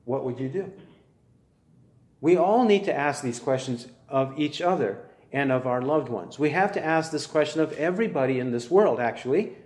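A man preaching a sermon, building his points through earnest, measured rhetorical questions. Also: medium pitch, expressive, a little mellow, reverberant.

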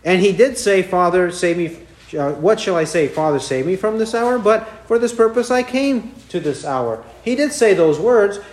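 A man preaching a sermon as pastor, reading scripture slowly and deliberately with pauses. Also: high-pitched, expressive, roomy sound.

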